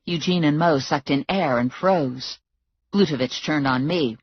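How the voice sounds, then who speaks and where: A woman narrating a first-person audiobook in a brisk, wry storytelling manner. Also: low-pitched, highs cut off, slight background noise.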